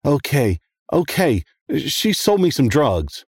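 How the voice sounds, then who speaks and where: A man voicing a nervous, frightened seventeen-year-old boy who stammers and speaks softly. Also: fairly high pitch, sing-song, slightly rough, dry recording, clean studio sound, voice pushed up, full character voice. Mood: reluctant. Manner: halting, stammering, soft.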